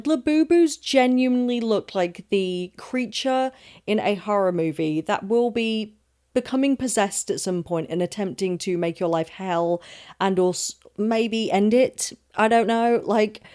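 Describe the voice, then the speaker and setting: On her casual solo podcast, a young Londoner rambles and rants emphatically, cursing a lot and making remarks about herself. She speaks in a warm, mid-range voice at a slightly slow pace.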